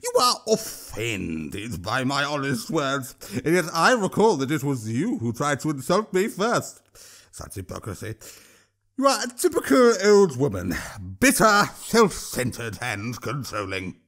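Guy putting on a slurpy arrogant troll, bouncy pitch, storybook reading. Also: huge pitch swings, measured pace, a bit bright, heavily acted. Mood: smug, scornful. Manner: wet, slurping delivery. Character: arrogant, insulting male market troll. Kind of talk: audiobook reading.

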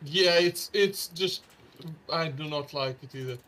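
Excitable young-sounding gamer guy. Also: fairly high pitch, measured pace, a little hiss or hum. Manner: excitable, stammers and repeats words. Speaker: gamer playing co-op. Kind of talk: casual game chat.

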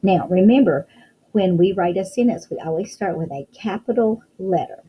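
A woman teaching a phonics lesson to young children, talking in a slow, sing-song, encouraging way and praising often. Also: on the low side, animated, muffled recording, a little hiss or hum. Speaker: kindergarten teacher.

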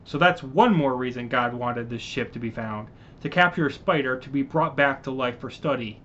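A man voicing a commanding young male starship leader, giving brisk orders in a story he reads aloud. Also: mid-range voice, fairly bright tone, a little hiss or hum, lightly acted. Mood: stern. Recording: muffled lo-fi recording.

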